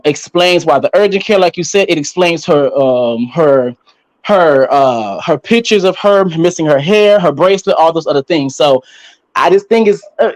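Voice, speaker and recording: A man joining a livestream as a guest, giving his opinion in a measured way, reasoning step by step. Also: fairly high pitch. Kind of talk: casual opinion chat.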